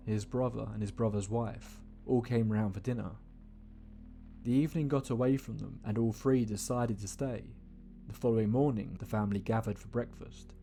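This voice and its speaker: A man giving a scripted horror story narration, measured and slowing down for suspense, with faint music behind him. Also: lowish voice, dark tone.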